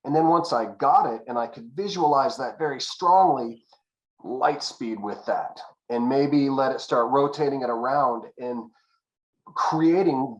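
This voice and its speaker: Guy telling a slow reflective story, sounds roomy and echoey. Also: mid-range voice, lo-fi sound. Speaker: panel guest. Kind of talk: casual personal storytelling. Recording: echoey room.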